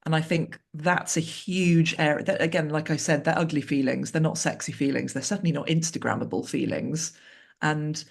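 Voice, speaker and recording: Frank woman author with a gravelly edge. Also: low voice, steady tone, moderate pace. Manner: frank, reflective, wry asides. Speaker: author guest. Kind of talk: candid conversational interview.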